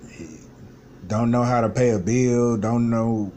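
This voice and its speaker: A man in his twenties recounts his life story in a personal vlog monologue, venting bluntly with lots of swearing and frustration. His mid-range voice is dark in tone, fairly even and a little slow, with slight background noise.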